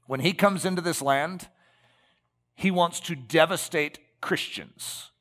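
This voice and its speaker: A man with a somewhat high, bright, forward voice delivers a sermon in a chatty style. He keeps turning to the congregation with quick tag questions. His words trail off into the long reverb of a large hall. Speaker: preacher.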